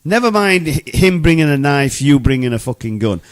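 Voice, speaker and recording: A man's voice: on the high side, expressive, brisk, smooth, no echo, clean studio sound. A man co-hosting a casual podcast, ranting in a heated, profane way and circling back over his points. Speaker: podcast co-host. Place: Oshawa, Canada.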